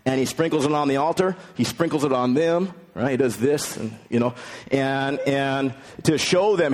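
A man's voice: medium pitch, normal speed, a little mellow. Male pastor, mid-range voice, easygoing sermon delivery that retells scripture plainly. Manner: conversational preaching, paraphrasing scripture in everyday words.

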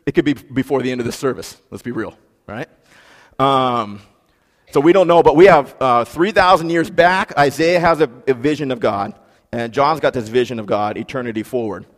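A man preaching a sermon in a relaxed, conversational way, with fillers and emphatic repetition. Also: medium pitch, normal speed. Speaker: pastor. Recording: long hall reverb.

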